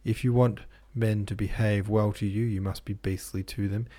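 A man reading the part of a hurt young woman pleading with the man she loves, in a soft, earnest voice. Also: on the low side, level tone, normal speed, lightly acted. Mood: tearful.

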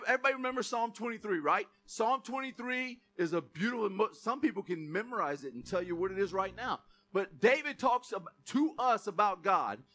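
A man delivers a sermon with a strikingly high, bright voice. He hits key words with emphasis, calls for responses, and drops casual jokes along the way. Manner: call-and-response preaching with asides and jokes. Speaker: pastor.

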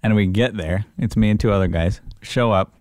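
A man's voice: fairly low pitch, brisk, a little mellow, no echo. A man in casual chat, animatedly telling a story from work and acting out his own panic.

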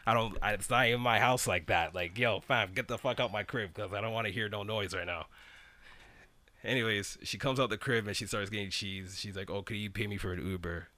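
A young man telling a slang-heavy story in an animated way during a casual chat. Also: on the low side, brisk.

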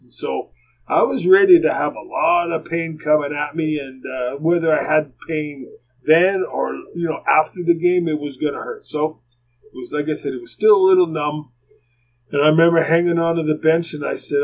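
A man's voice: on the high side, moderate pace, vocal fry, husky, rough recording. An older man, a former hockey player rambling through plainspoken anecdotes as a podcast guest. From Canada. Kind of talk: casual storytelling.

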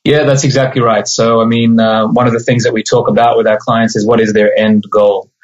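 A man's voice: mid-range voice, little pitch movement, fairly quick. Australian man on a dull lo-fi line. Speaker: mortgage broker guest. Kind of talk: casual interview.

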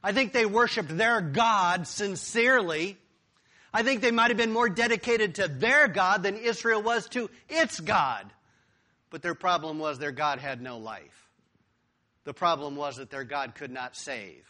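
Bright-voiced, high-pitched male preacher. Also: unhurried. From United States. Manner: preaching with rising emphatic peaks. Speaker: pastor. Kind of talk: sermon.

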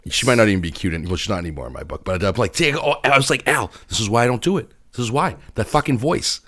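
A man's voice: lowish voice, lively intonation, rapid-fire, fairly bright tone, dry recording, clean studio sound. A man, co-hosting a podcast in blunt, profane, ranting casual banter. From Massachusetts. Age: 40s. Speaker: podcast co-host.

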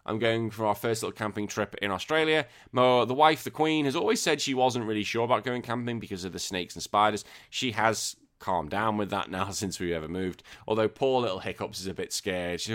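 A man's voice: on the low side, a little fast, hardly any pauses, fairly bright tone. A man hosting a podcast, chatting casually in a rambling, joking way with frequent swearing. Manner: swearing, rambling, jokey tangents. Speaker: podcast host.

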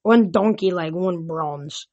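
A woman's voice: on the low side, takes it slowly, darkish tone, muffled recording. A woman reading a novel aloud, stumbling now and then and restarting words. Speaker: reader.

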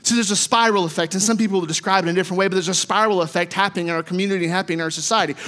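A man with a strikingly high voice preaches a sermon. His delivery is impassioned, slowing and sinking low to drive points home. The sound carries a long hall reverb, as in a church sanctuary. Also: fairly bright tone. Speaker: pastor.

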